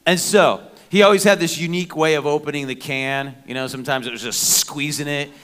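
A middle-aged man preaching a sermon in a conversational, animated way, with joking asides and playful sound effects. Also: a little high, a little fast, hardly any pauses, clear, resonant tone. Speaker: pastor.

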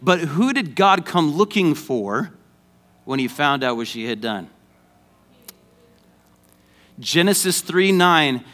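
Conversational male pastor, slightly high voice. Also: lively intonation, measured pace, a bit bright. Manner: conversational with humor, rising to emphatic. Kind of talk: sermon.

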